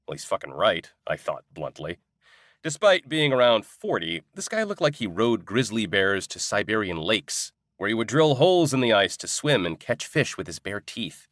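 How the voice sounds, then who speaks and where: A man's voice: on the low side, sing-song, moderate pace, fairly bright tone, no room sound, studio quality. A man narrating a comic fantasy audiobook in the first person, with a wry, sardonic storytelling manner.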